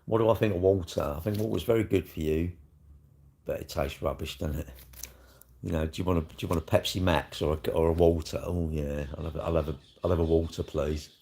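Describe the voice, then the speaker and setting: A man's voice: sits low, fairly even intonation, fairly quick, mellow. A middle-aged man with a South East London accent, chatting casually on a live stream in a blunt, sweary, rambling way.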